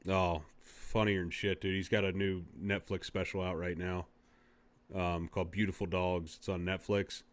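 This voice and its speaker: Low-voiced man rambling through podcast chat. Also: flat delivery, moderate pace. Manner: easygoing, rambling storyteller with fillers. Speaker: podcast co-host. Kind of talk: casual chat.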